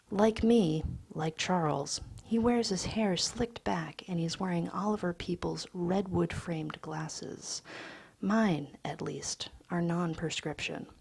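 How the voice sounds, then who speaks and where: A woman reads a literary excerpt in a hushed voice that slips into whispers. Her tone is low, husky and full of gravelly fry, and she takes it very slowly. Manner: hushed, half-whispered delivery. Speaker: reader. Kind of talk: literary reading of a novel excerpt.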